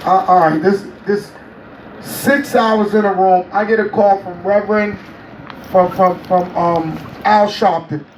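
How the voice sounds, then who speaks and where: A man with a high, bright speaking voice tells stories in an interview, animated and quick to act out the people in them. He sounds a little distant from the microphone in an echoey space, with faint ambience underneath. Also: slight background noise. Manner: lively, acts out other people's voices while telling stories. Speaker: interview guest. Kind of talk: animated storytelling. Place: on a cruise ship. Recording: echoey room, mic at a distance.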